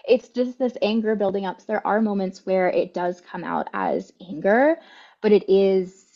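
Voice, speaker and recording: Mellow-voiced young woman, lo-fi sound. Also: medium pitch, moderate pace. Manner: chatty and candid, many fillers and little laughs. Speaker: podcast guest. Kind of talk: casual chat. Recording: dull, lo-fi sound.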